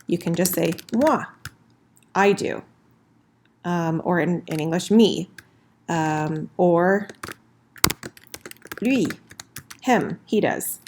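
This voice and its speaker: Woman teacher, lowish voice, casual explainer, slows for examples, typing in the background. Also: darkish tone, a little hiss or hum. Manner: friendly, slows down for example phrases. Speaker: French teacher. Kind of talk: casual recorded lesson at a whiteboard.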